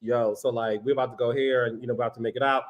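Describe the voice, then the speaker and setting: A man putting on a deep, laid-back macho voice to flirt with men. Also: steady tone, racing, close to an everyday voice. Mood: flirty, macho. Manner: low, smooth, laid-back drawl.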